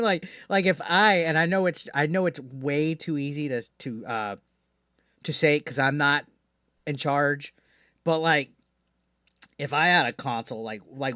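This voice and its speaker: A man's voice: on the high side, measured pace, pauses often, pushed and bright, no room sound, clean studio sound. A man hosting a live call-in stream, talking casually with frequent restarts and swearing. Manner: rambling, profane, many restarts. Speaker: streamer host.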